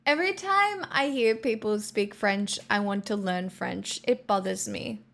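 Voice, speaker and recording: A woman's voice: mid-range voice, unhurried, gravelly, a bit bright. An Australian woman streaming live, chatting casually with her viewers in a rambling way full of "like" fillers. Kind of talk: casual chat.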